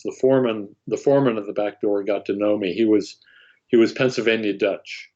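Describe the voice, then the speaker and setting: Older male interview guest, lowish voice, halting with many fillers, muffled lo-fi audio. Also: darkish tone. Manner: halting, with frequent fillers and restarts. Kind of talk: anecdotal storytelling.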